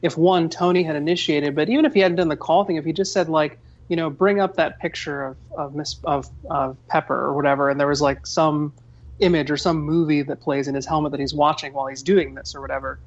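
A man's voice: on the high side, steady tone, fast, dull audio. A man co-hosting a podcast, reviewing a film in a rambling, conversational way. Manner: rambling, conversational, frequent fillers.

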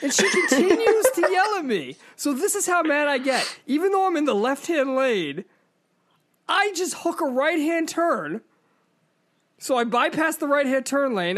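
A woman with a fairly high voice hosts a podcast in casual chat. She tells stories with animated, profane energy. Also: normal speed. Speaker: podcast host.

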